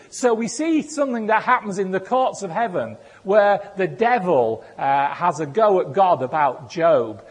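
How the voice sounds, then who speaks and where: In an echoey hall, a man whose husky voice sits high gives a sermon in a chatty style. He pokes fun at himself while sharing personal stories from the pulpit.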